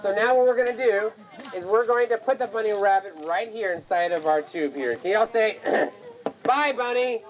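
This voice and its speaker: At a children's birthday party, a woman performs a magic show, coaxing the kids in a singsong way to chant along. Her voice is mid-range at normal speed, and the 1980s home camcorder recording sounds muffled.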